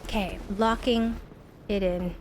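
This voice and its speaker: A woman's voice: mid-range voice, steady tone, slow pace, heavy background noise. A woman streamer chatting casually while playing a game, talking to viewers and cursing at the game. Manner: chatty, exclaims and swears at the game, greets viewers. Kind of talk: casual live gameplay chat.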